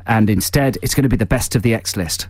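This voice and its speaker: A man's voice: fairly low pitch, fast talker, a little mellow, dry recording. A man co-hosting a jokey radio show, teasing his partner with mock outrage and frequent laughs. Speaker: radio co-host. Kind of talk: jokey breakfast radio banter. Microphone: studio microphone.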